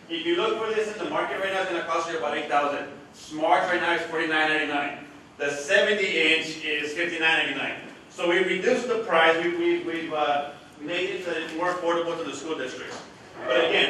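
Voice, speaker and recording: A man leads a product demo in a large room, throwing his bright, forceful voice to the back rows with no microphone. The room rings with heavy echo, and he is picked up from a distance with faint hiss. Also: a little high. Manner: projecting loudly without a mic, quizzing the audience. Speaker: education technology presenter. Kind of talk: live product demo to a committee. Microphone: no mic, room recording from afar. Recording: very echoey room audio from far off.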